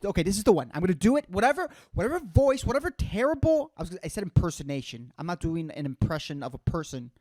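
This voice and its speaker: A man's voice: high voice, very animated, quick pace, few pauses, darkish tone, no echo. A man in his twenties hosting a solo comedy podcast, rambling and swearing constantly, peppering his talk with "dude" and "man". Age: 20s. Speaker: podcast host.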